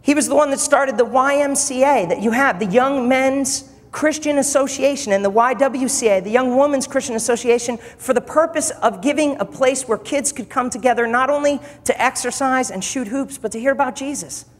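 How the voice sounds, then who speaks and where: A man's voice: very high voice, normal speed, hardly any pauses. A man preaching a sermon to church leaders, emphatic and repeating phrases for effect. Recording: long hall reverb.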